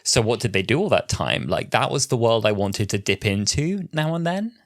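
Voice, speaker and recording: A man's voice: on the low side, big pitch swings, normal speed, no echo, studio quality. A man in his twenties co-hosting a casual podcast chat, sharing earnest, opinionated views as he thinks aloud. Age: 20s. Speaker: podcast co-host.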